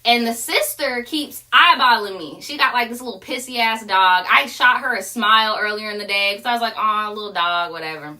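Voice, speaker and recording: A woman's voice: a little high, brisk, few pauses, bright, forceful tone. A young woman, telling a casual story full of profane slang. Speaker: streamer.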